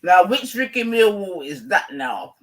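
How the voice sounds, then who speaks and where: A man's voice: sits high, big pitch swings, unhurried, recorded from a distance, rough recording. A man hosting a casual livestream, rambling through slangy gossip. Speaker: livestream host.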